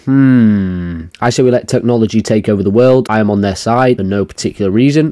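A young man rambles through meme clips in a crude, joking way. His pitch swings a lot, up and down. The sound is dry and close. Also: animated, fast, few pauses, mellow, no echo. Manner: crude, jokey, rambling with restarts. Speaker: meme reaction streamer. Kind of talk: casual meme reaction commentary.

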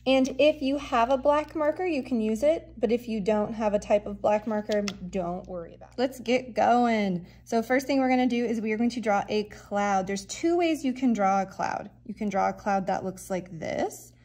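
A woman's voice: fairly high pitch, normal speed, few pauses, a little mellow. A woman teaching a children's drawing lesson, giving encouraging step-by-step instructions. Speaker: art teacher.

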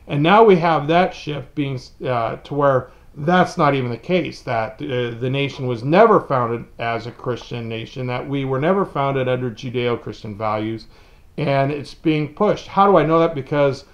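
A man's voice: medium pitch, normal speed. Earnest middle-aged American man. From United States. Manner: earnest, repeats words when building a point. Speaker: vlogger. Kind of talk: opinion monologue.

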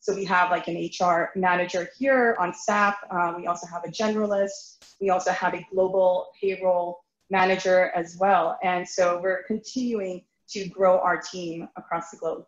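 A woman answers podcast questions in a fluent, businesslike way, starting many sentences with "so". Her voice sits somewhat low. The audio is roomy and echoey, with a dull, muffled tone. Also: fairly even intonation, moderate pace, hardly any pauses. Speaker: guest, recruiting lead.

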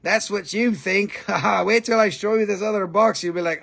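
A man's voice: high-pitched, fairly even intonation, normal speed, creaky, few pauses, fairly bright tone, breathy edge. A man hosting a live stream to sell minerals, joking around and swearing a lot as he chats. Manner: joking, goofy, swears often. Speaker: host selling minerals on a livestream. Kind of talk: live sales stream, playful chat.

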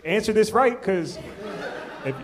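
A man's voice: high-pitched, animated, unhurried, background noise. A man doing crowd-work stand-up, teasing and playfully roasting audience members at a live show. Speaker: comedian. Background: audience laughter and chatter.

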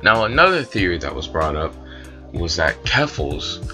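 A man's voice: low-pitched, big pitch swings, normal speed, over music. A man explaining online drama in casual commentary, rambling a little with fillers. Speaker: commentary YouTuber.

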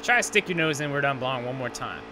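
This fast-talking gaming host has a medium-pitched voice with lively intonation. While playing a racing game live, he vents in an angry, expletive-filled rant as the game's engines roar behind him.

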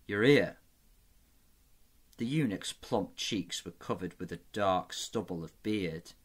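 A man reading a fantasy novel aloud as an amateur audiobook narrator, steady and measured. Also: low voice. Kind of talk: scripted narration.

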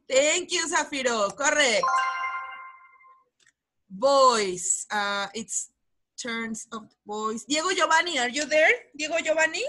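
Bright, high-voiced teacher running a class quiz over a video call, encouraging and brisk. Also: female voice. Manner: encouraging, calls on pupils by name. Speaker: English teacher. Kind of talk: online class quiz game.

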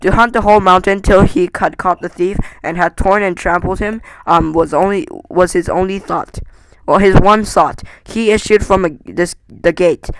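Casting: amateur male reader of a storybook, high smooth voice, stumbling delivery. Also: fairly bright tone, dry recording, low-quality recording. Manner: halting, stumbling, many restarts. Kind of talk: reading a novel aloud.

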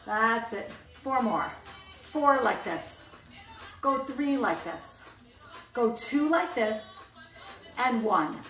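A woman's voice: on the high side, fairly bright tone, far from the mic. A woman fitness instructor leading a band workout, counting down reps with upbeat cues and chatty asides. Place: indoor room, filmed alone. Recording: echoey room, off-mic, faint music.

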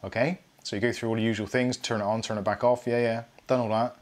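A man's voice: medium pitch, steady tone, fast. A middle-aged man hosting a live tech stream, rambling and self-mocking as he goes through his tools. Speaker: tech channel host. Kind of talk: casual live unboxing chat.

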